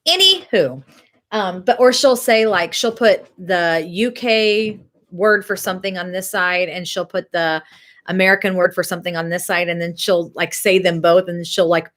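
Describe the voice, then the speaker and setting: A woman, hosting a casual church chat, chatty and rambling and quick to laugh. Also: fairly low pitch, a bit bright. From Missouri.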